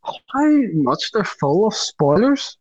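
A man co-hosting a podcast, rambling and quick to laugh in casual chat. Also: sits high, big pitch swings. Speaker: podcast co-host. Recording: dull lo-fi sound.

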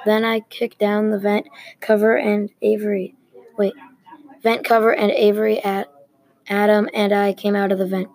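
A woman reading a story aloud at an even, unhurried pace, with small restarts. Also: medium pitch, low-quality recording. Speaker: story reader.

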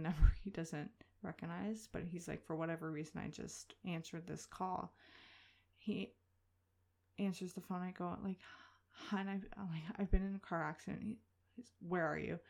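A woman in her thirties, a podcast host chatting through a personal story in an animated way, full of filler words. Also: fairly low pitch, creaky.

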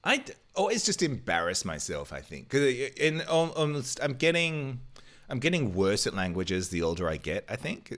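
A man's voice: medium pitch, big pitch swings, normal speed, fairly bright tone. A man co-hosting a podcast, chatting in a wry, teasing way and laughing at himself. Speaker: podcast co-host. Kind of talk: casual chat.

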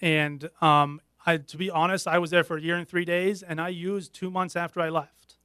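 A middle-aged man talks openly as an interview guest, his voice pitched a little high. He speaks earnestly and haltingly, often restarting a thought mid-sentence. The sound is dry and close, with no room echo. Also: little pitch movement, sharp tone, clean tone. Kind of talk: candid interview conversation.

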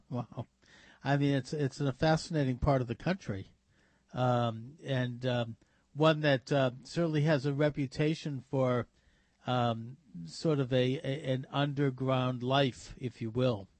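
A man hosting a talk radio show, reading a review aloud and chatting with halting fillers. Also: medium pitch, steady tone, darkish tone, no room sound.

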